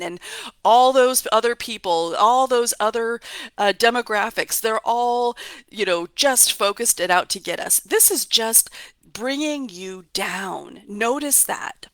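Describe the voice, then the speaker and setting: A woman's voice: mid-range voice, expressive, normal speed, fairly bright tone, no room sound. A woman hosting a motivational talk, coaching her listeners in an emphatic, repetitive way. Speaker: host.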